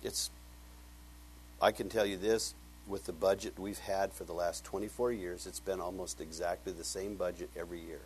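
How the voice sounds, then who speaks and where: A middle-aged male pastor telling a story in a sermon, animated, acting out conversations and laughing often. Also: low voice, moderate pace, slight background noise, poor audio.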